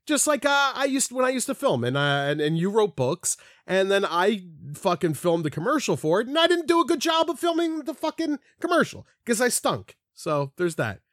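A middle-aged man from the Philadelphia area co-hosts a podcast, rambling through a story in casual chat, restarting sentences and swearing freely. His high voice swings widely in pitch, lively and animated, at a moderate pace with few pauses. The sound is close and dry, with no room echo.

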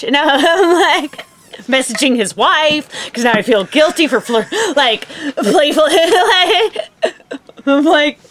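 Brief: woman, high animated voice, giggly and candid, faint background noise. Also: slow. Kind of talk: casual podcast chat.

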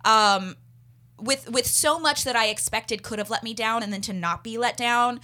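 A woman's voice: on the high side, moderate pace. A woman co-hosting an anime podcast, chatting casually and rambling through her review with lots of restarts. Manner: rambling, animated, laughs often. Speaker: podcast co-host.

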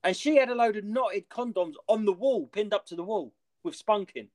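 A man's voice: high-pitched, moderate pace. A man hosting a podcast, telling a rambling anecdote in casual chat, swearing freely and using lots of "like". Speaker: podcast host.

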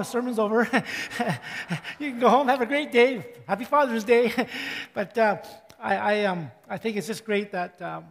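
An older man giving a chatty, joking sermon as a pastor, his voice slightly hoarse and often interrupted by throat clearing. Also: sits high, big-room sound.

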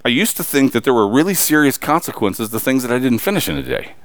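A man's voice: mid-range voice, sing-song, fast, fairly bright tone, dry recording. A man preaching a sermon, emphatic and pressing the congregation with rhetorical questions.

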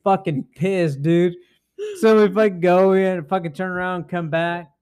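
A man's voice: high-pitched, fairly even intonation, moderate pace, darkish tone, smooth, no room sound, clean studio sound. A young man hosting a podcast, telling a rambling, profane story with frequent laughs. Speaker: podcast host. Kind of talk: casual storytelling chat.

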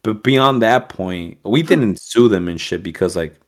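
A man's voice: lowish voice, measured pace. A man telling a story as a podcast guest, in a casual streetwise manner with heavy swearing. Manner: streetwise slang, heavy swearing, animated quoting.

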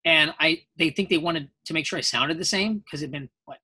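A man's voice: a little high, brisk, pushed and bright. A man, a voice actor guest in a casual interview, telling rambling anecdotes and acting out quoted voices along the way.

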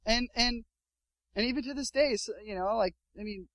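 A young adult man preaching a sermon as pastor, telling a story with lively acted-out quotes. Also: very high voice, normal speed, no echo, poor audio.

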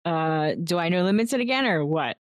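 A woman playing in a tabletop game, blunt and stubborn with a deadpan delivery. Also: lowish voice, fairly quick. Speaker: player. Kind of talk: tabletop role-play.

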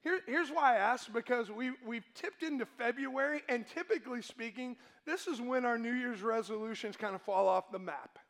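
A man's voice: very high voice, moderate pace, few pauses, a bit bright. A male pastor preaching a sermon to his congregation, emphatic and asking them questions.

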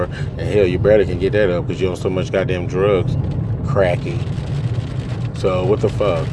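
A man in an angry, profane rant, swinging between raised outbursts and low, bitter muttering. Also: background noise.

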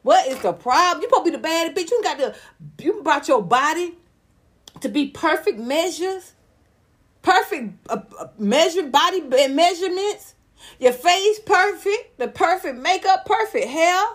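A woman, hosting a casual live-stream gossip chat, loud, blunt and profane, laughing often. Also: very high voice, expressive, normal speed. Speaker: celebrity gossip vlogger.

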